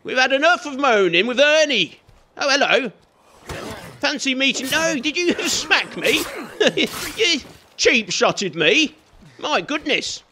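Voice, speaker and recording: A man's voice: very high voice, very animated, slow pace, pauses often, bright, forceful tone, a little hiss or hum. A man giving chatty let's play commentary, teasing and scolding the game and its characters as he plays. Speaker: gaming YouTuber.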